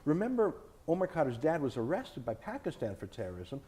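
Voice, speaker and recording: A man giving a sit-down interview speaks in a combative, insistent way. His pitch swings widely as he presses each point. His tone is dark and mellow. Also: huge pitch swings, brisk. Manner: emphatic, combative, argumentative. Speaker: author and TV host, interview guest. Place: indoors, filmed interview.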